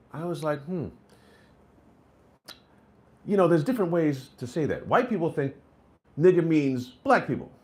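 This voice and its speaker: Animated, foul-mouthed man doing stand-up. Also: fairly high pitch. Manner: profane, animated storytelling with lots of "like" and "right?". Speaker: stand-up comedian. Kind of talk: live stand-up set.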